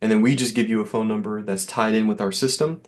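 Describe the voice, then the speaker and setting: Man, lowish voice, laid-back sales pitch, lots of ums. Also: steady tone, quick pace, a little mellow. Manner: easygoing, reassuring, filler-heavy. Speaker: software sales rep. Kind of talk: sales demo call.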